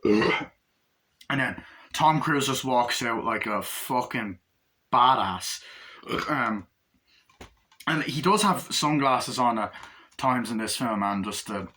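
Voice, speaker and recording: Animated, bright-voiced man reviewing a film. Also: medium pitch, takes it slowly, pauses often. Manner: animated, acts out scenes in bursts with heavy swearing. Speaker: movie reviewer. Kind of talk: casual movie review.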